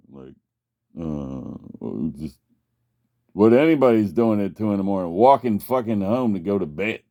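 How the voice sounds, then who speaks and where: Gravelly, rambling man telling a story. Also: lowish voice, lively intonation, a little slow, mellow. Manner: rambling, profane, many restarts. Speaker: vlogger. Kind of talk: casual storytelling.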